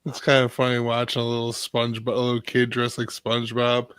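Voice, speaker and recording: A man's voice: medium pitch, completely flat delivery, a little fast, fairly bright tone, clean tone, no room sound. A man in his thirties telling rambling anecdotes in casual chat, full of fillers.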